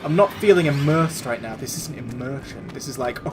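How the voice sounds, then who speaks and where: A man's voice: mid-range voice, normal speed, background noise. A man streaming a video game, giving sarcastic, rambling, sweary commentary. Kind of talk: let's-play commentary.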